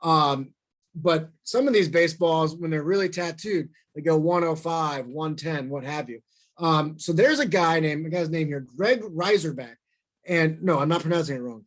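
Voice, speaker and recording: A man from St. Louis giving a storytelling talk, animated and self-deprecating, acting out quoted lines in bursts. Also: fairly high pitch, moderate pace. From St. Louis, USA.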